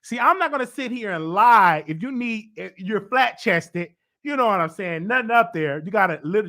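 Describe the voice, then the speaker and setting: A man hosting a celebrity gossip show, giving opinionated commentary in an animated way with sudden high swoops for emphasis, his voice a little congested. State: congested, stuffy voice.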